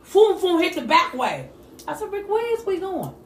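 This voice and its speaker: A woman telling an emotional family story in a lively, animated way, acting out the other people's lines. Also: extremely high pitch, normal speed, roomy sound, slight background noise. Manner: lively, animated retelling with voiced quotes. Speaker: mother telling her story.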